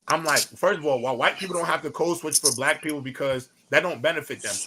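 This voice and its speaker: A man's voice: on the high side, fast, hardly any pauses, sharp tone, slight background noise. A man co-hosting a podcast, arguing his point emphatically in casual chat. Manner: emphatic, argumentative. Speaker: podcast co-host.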